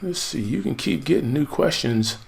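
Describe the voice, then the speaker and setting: An American man with a chatty, excitable manner, thinking aloud as he walks through a screen-share marketing tutorial. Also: a little high, moderate pace, vocal fry, slight background noise. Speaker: marketing coach.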